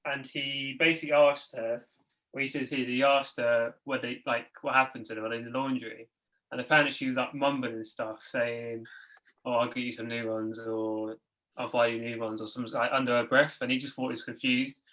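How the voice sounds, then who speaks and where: Bright-voiced young London man telling a story. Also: mid-range voice, little pitch movement, fairly quick, poor audio. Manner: storytelling, lots of fillers. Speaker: podcast co-host. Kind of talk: casual chat.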